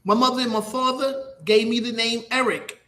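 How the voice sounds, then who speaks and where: A man's voice: extremely high pitch, steady tone, normal speed, pushed and bright. A middle-aged man hosting a radio talk show, rambling in a profane, repetitive way. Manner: rambling, profane, repeats himself. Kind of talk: casual rambling monologue. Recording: echoey room.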